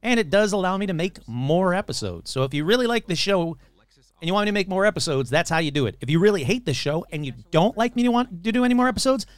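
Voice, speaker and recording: A man's voice: sits high, expressive, fast, smooth, no echo. A man hosting a paranormal podcast in casual, sarcastic chat, swearing freely and slipping into mocking voices. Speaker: podcast host.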